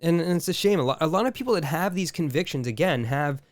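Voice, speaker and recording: A man's voice: on the high side, expressive, quick pace, no room sound. A man co-hosting a podcast, talking in a rambling, exasperated way with many fillers and restarts. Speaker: podcast co-host. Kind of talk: casual chat.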